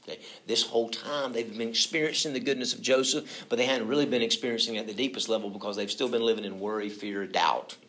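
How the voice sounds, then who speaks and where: A man delivers a sermon in a relaxed, conversational way. He often slips into little acted-out voices and moves between hushed and loud passages. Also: mid-range voice, fast, hardly any pauses. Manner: conversational, acts out quoted voices, swings from soft to loud. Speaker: pastor.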